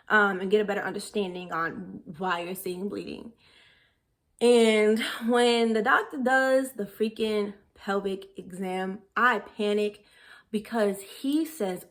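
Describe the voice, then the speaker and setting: A woman's voice: medium pitch, unhurried, a bit bright. A young woman telling a personal story candidly and emotionally, acting out what others said as she goes. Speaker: vlogger.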